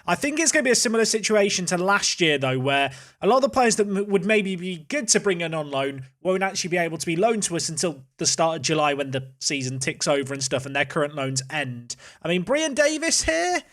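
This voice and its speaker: A man's voice: a little high, fast talker, fairly bright tone. A man hosting casual gameplay commentary, chatty and thinking aloud as he plays. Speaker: host.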